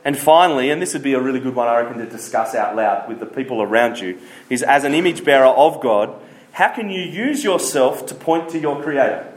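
A man's voice: medium pitch, expressive, a little fast. A man giving a casual, jokey church talk and asking the room questions. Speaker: youth speaker. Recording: echoey hall.

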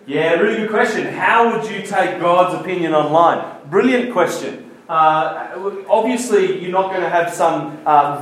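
Lively man preaching in an echoey hall. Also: high-pitched, a little slow, hardly any pauses, slight background noise. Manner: lively, jokey, asks the room questions. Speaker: youth speaker. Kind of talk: casual church talk to a crowd.

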